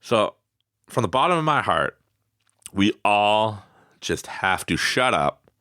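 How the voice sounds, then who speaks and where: A man's voice: fairly low pitch, big pitch swings, slow pace, bright, forceful tone, no room sound. A man hosting a motivational podcast in a studio, talking casually, laughing often and acting out the voices he quotes. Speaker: podcast host.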